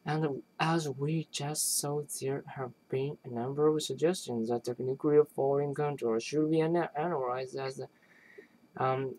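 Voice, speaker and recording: A person reading an academic linguistics text aloud, haltingly, often restarting words and phrases. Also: medium pitch, a little mellow, low-quality recording.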